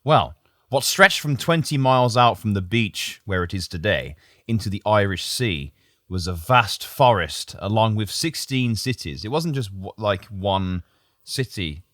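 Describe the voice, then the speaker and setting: A man's voice: fairly low pitch, a little slow, no echo, clean studio sound. A man hosting a casual comedy podcast, joking and laughing often as he tells the story. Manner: jokey, laughs often, lively delivery. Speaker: podcast host and writer.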